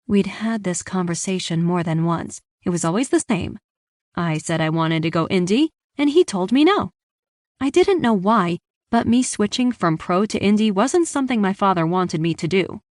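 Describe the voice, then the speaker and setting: A woman's voice: medium pitch, normal speed, no echo, studio quality. A woman reading a first-person romance audiobook, telling the story evenly and giving the dialogue some lift. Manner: even, engaged storytelling with lively dialogue. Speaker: audiobook narrator.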